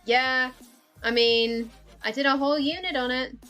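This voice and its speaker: A woman with a fairly high voice talks to her stream as she draws, wandering from thought to thought. She swears easily, laughs at herself and pokes fun at her own laziness. Faint music plays under her voice. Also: steady tone, measured pace, bright, forceful tone, lo-fi sound. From Australia. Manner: rambling, self-deprecating, laughs often, swears casually. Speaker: livestreaming artist. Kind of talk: casual chat while drawing on stream.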